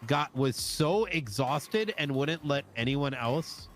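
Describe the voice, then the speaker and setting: A man's voice: medium pitch, lively intonation, a bit bright. Guy in an rp chat, stops and restarts a lot, voice jumps all over, little music in the back. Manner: halting, restarts and filler words. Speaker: fellow roleplay player. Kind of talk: casual in-character chat.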